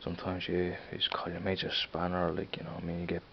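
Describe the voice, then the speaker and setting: A young Dublin man talks loosely to the camera, with a deep, flat, gravelly voice. He rambles and repeats words as he goes. The recording is dull and lo-fi, with a faint hiss behind him. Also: fast talker. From Ireland. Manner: rambling, repeats words, frequent "you know what I mean". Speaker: vlogger. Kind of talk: casual accent-tag vlog.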